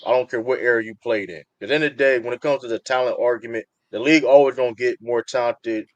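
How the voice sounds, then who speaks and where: A man arguing basketball in a dry studio sound. He talks over others, repeating phrases to hold the floor in a heated debate. His voice sits at a middle pitch, with no room echo around it. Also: quick pace, dull audio. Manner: interrupts, repeats himself. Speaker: podcast host.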